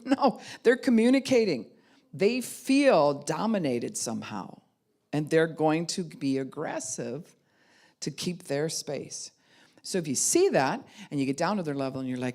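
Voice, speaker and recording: A woman's voice: low voice, big pitch swings, moderate pace, darkish tone. A middle-aged woman pastor giving a conversational teaching talk, speaking candidly and frankly and acting out the voices of people she quotes.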